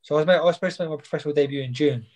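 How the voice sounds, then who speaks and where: Young boxer guest, slightly higher-pitched, rambling chatty delivery. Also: male voice, rapid-fire, a little mellow, poor audio. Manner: chatty, rambling, many fillers and repeats. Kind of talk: casual chat.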